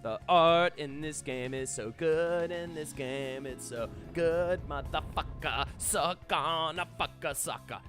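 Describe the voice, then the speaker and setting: A man streaming a game live, chatting casually and excitably and swearing freely. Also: fairly high pitch, takes it slowly, hardly any pauses, soft background music. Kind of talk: casual live game commentary and read-along.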